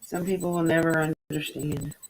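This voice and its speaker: Low-voiced chatty woman. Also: little pitch movement, moderate pace, darkish tone, a little hiss or hum, rough recording. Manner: chatty, rambling, swears casually. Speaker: streamer. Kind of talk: casual chat.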